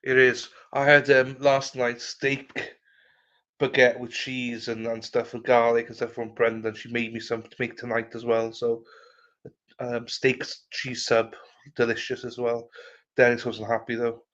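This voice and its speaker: A man hosting a loose, rambling livestream. He greets viewers one by one and drops casual swearing in a mid-pitched voice. The audio is a little muffled and lo-fi. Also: monotone, measured pace, fairly bright tone. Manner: chatty, greets viewers by name, swears freely. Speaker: livestream host.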